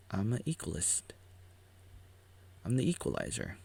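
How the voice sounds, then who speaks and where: Gravelly goofy man rambling. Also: fairly low pitch, sing-song, measured pace, a little mellow. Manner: goofy, rambling, swings into silly voices and whispers. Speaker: vlogger reacting to his own documentary. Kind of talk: casual live reaction commentary.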